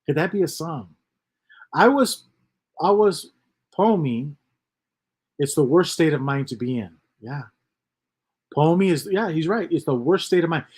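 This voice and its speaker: A man's voice: a little high, lively intonation, measured pace, pauses often, a little mellow, breathy edge. A man hosting a casual livestream, reading chat comments aloud and rambling on with lots of repeats and mutters.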